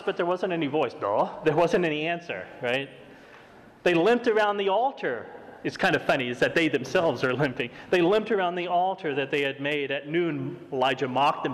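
Animated preacher in a reverberant hall. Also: male voice, normal speed. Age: middle-aged. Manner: animated, acts out quotes in high voices. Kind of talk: sermon with scripture reading.

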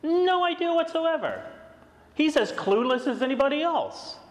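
A man preaching an expository sermon, emphatic and animated, often asking his listeners questions. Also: very high voice, normal speed, long reverb tail.

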